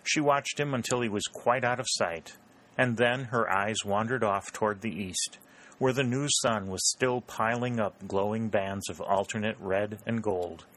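A man narrates a historical novel in a low voice, reading at a measured and even pace. His storytelling is steady and scripted, in the manner of an audiobook.

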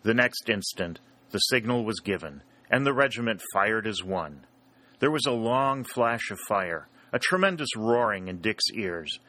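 A male narrator reads a war adventure aloud in a steady, dramatic way. His voice sits fairly low. The tone is bright and pressed, with a forceful edge. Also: unhurried, no room sound. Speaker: audiobook narrator. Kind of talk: scripted narration.

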